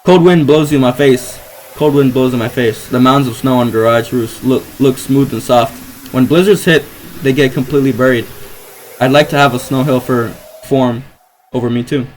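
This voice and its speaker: A man's voice: mid-range voice, moderate pace, a little hiss or hum, low-quality recording. Rambling young man reading a game aloud. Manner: hesitant, filler-heavy, restarts often. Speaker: gamer playing a visual novel.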